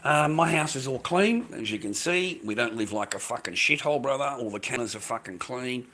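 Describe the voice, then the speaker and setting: A man's voice: mid-range voice, lively intonation, a little fast, sharp tone. An Australian man chatting casually on a livestream from his kitchen at home, rambling and swearing freely while calling viewers mate and bro.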